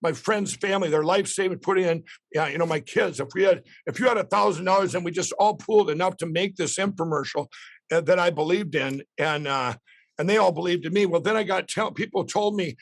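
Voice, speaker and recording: Man in his sixties, high voice, excited rambling storyteller. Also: fairly quick, creaky, no echo. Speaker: guest. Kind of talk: storytelling in a podcast interview.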